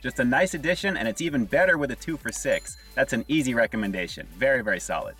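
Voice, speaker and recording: A man casually reviewing fast food on his vlog, upbeat and full of catchphrases, talking to viewers as "guys". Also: medium pitch, expressive, fairly bright tone, breathy edge, far from the mic, faint music behind.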